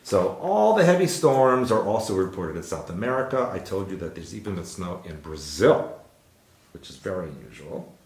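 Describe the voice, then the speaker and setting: A man's voice: sits low, very animated, normal speed, a little mellow, echoey room. A man hosting a casual news chat show, reading weather stories with jokey asides. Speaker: show host.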